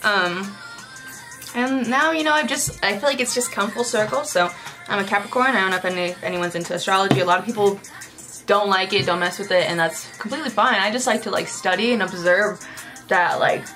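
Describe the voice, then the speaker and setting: A young woman talks loosely and thoughtfully while doing her makeup, drifting from thought to thought with plenty of filler words. Her voice sits at an ordinary middle pitch for a woman. Faint music plays underneath her. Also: a little fast. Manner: rambling, reflective, heavy use of "like". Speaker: vlogger.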